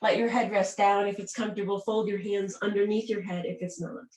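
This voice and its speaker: A woman teaching a gentle yoga and breathing class, guiding calmly and softly. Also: medium pitch, brisk. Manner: calm, gentle, soothing guidance. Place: room where she does yoga on a mat. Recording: roomy sound from a distant mic.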